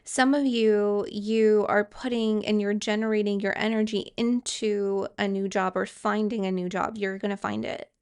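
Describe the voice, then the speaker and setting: A woman's voice: mid-range voice, steady tone, normal speed, few pauses, clear, resonant tone. A woman giving a tarot card reading, speaking hesitantly with fillers and restarts and reassuring viewers directly. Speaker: tarot reader.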